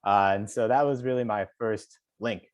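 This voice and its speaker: A man's voice: on the low side, normal speed, no room sound, dull audio. A man, a poet, leading a virtual workshop for teachers over a video call, encouraging them and counting beats aloud.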